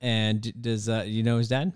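A middle-aged man hosting a relaxed podcast chat, reminiscing with friends and mimicking the people he talks about. His voice is on the low side, and he swears casually. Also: moderate pace, clear, resonant tone. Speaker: podcast host.

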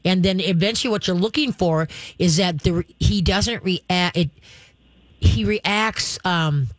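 A dog trainer giving chatty, coaching advice to a caller on a call-in show, with a quick laugh now and then. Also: medium pitch, dry recording.

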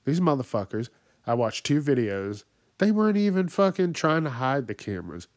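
A man's voice: medium pitch, sing-song, moderate pace, a little mellow, slight background noise. A man hosting a podcast, ranting angrily and swearing constantly, acting out other people in raised voices. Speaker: podcast host. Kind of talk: profane ranting monologue.

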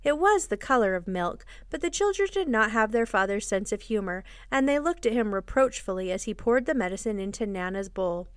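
A woman host reading a children's classic aloud in an expressive, measured storybook style. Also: mid-range voice, smooth, no room sound, studio quality. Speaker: podcast host and reader. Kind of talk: storybook narration.

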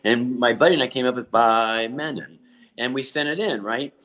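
A man, a comedian and podcast guest, telling anecdotes in a rambling, halting way, often restarting his sentences. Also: mid-range voice, fairly bright tone.

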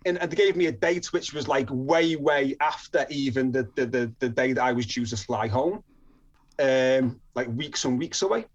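A man's voice: medium pitch, moderate pace, highs cut off. A man from northern England telling a personal story in a chatty way, with frequent restarts and chuckles.

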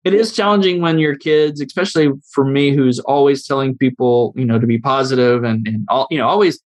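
Brief: middle-aged male guest, easygoing and self-deprecating, mid pitch, dry close mic. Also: fairly quick, no echo. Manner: relaxed, self-deprecating, laughs along. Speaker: guest, business owner. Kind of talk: casual conversational interview.

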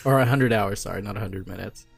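A man co-hosting a casual podcast, relaxed, slowing down to read out promos. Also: on the low side, gravelly, slightly rough, soft background music. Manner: relaxed, reads promos slowly and deliberately. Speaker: podcast co-host. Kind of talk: casual chat.

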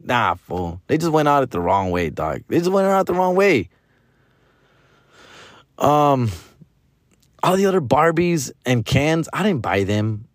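A man, a comedian hosting a podcast, rants casually about a movie in an animated, slangy, exasperated way, dropping bits of Spanish slang. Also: medium pitch, a little slow, pauses often, no room sound, clean studio sound.

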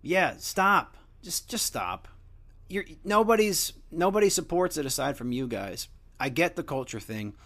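A man's voice: a little high, lively intonation, moderate pace. A young man hosting a show, rambling through a crude, joking casual monologue. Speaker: podcast host.

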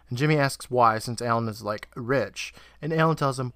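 A man's voice: mid-range voice, a little fast, few pauses, a bit bright, no echo. Man recapping an episode, dry mic. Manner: narrates plot beats, laughs often. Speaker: podcast co-host.

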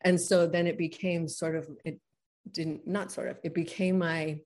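A woman with a low, settled voice shares a personal story in conversation. She talks earnestly and reflectively, laughs often and says "like" a lot. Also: flat delivery, normal speed, darkish tone. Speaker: guest.

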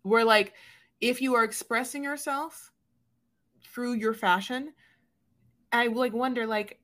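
A woman's voice: on the high side, fairly even intonation, slow pace, a bit bright. A woman co-hosting a podcast in casual chat, rambling with many fillers and playfully mimicking people. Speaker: podcast co-host.

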